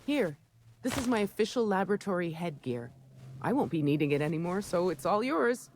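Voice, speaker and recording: A jittery young lab worker in hiding. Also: female voice, on the low side, sing-song, fairly quick, darkish tone, slight background noise. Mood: relieved. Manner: breathless, grateful, rambling. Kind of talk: video game dialogue.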